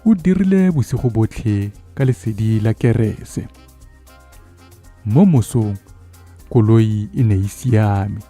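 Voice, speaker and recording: A man narrating a scripted story in a measured, even reading. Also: fairly low pitch, faint music behind.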